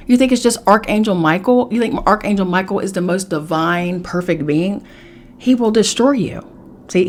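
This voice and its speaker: Blunt, animated woman podcast host. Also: low voice. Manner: blunt, animated and chatty, swears casually. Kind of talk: casual spiritual talk.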